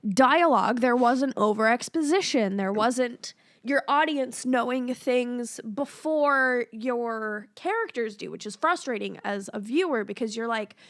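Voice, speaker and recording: A woman co-hosting a podcast, chatting casually and reacting to her co-host with quick interjections. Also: a little high, dry recording, clean studio sound. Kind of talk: casual chat.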